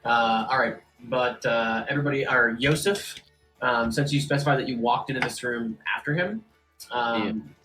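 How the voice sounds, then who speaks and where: A man running a tabletop game as game master, narrating casually with many pauses and fillers. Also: mid-range voice, pushed and bright, faint music behind, poor audio.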